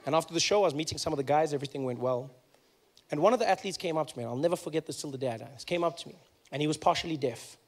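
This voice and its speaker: A man's voice: on the high side, very fast. A man from South Africa doing stand-up, telling a story on stage and acting out the people in it. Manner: animated, acts out other people's voices. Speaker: stand-up comedian. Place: comedy stage with a live audience.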